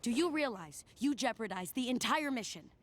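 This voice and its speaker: A woman's voice: fairly high pitch, expressive, moderate pace, a little hiss or hum, close to an everyday voice. An actress playing a stern young female thief leader, scolding her friends in a clipped way, from a cartoon clip with music behind.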